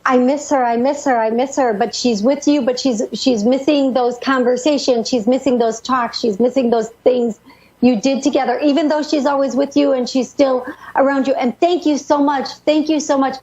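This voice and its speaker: A woman psychic medium hosting a call-in radio show, relaying messages in a rushed, breathless way full of restarts. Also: high-pitched, fairly even intonation, mellow, lo-fi sound.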